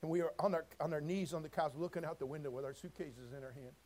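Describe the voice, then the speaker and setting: A man preaching a sermon, folksy and direct, moving between quiet storytelling and loud shouted passages. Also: a little high, fairly even intonation, fast. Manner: folksy, addresses listeners as friend and brother.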